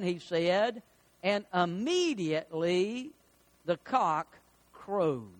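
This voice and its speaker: A middle-aged male pastor preaching a sermon, animated and folksy, telling homely anecdotes between Bible readings. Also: high-pitched, very slow.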